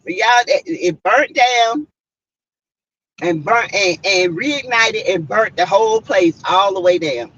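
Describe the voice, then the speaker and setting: Slow, lively Southern woman chatting live. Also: medium pitch, husky, no room sound. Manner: chatty, lots of "mm-mm" and "y'all". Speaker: livestream host. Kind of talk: casual live-stream chat. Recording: slightly muffled lo-fi stream audio.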